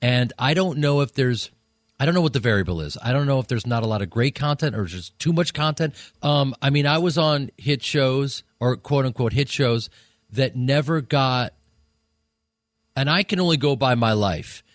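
A man's voice: medium pitch, lively intonation, no room sound, clean studio sound. Rambling, self-mocking male comedian. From Chicago, USA. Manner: rambling, self-mocking, quick to slip into voices. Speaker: comedian and actor guest. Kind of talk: casual radio interview chat. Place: radio studio.

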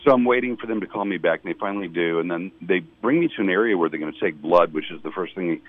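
A male comedian telling a wry, deadpan story as a radio guest. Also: low-pitched, quick pace. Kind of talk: casual anecdote on radio. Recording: dull lo-fi radio sound.

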